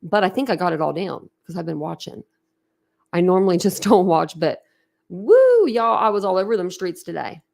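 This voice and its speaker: A woman's voice: lowish voice, fairly quick, gravelly, a little mellow. A young woman hosting a true crime channel who chats casually with her livestream viewers. She is emotional and talkative, laughs often, and trails off and restarts her sentences. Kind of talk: casual livestream chat, reacting to viewer comments.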